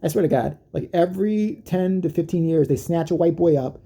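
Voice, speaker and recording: A man's voice: a little high, brisk, gravelly, dark tone. A man delivering a rambling, profane comedic rant, mocking as he goes. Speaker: comedic commentator.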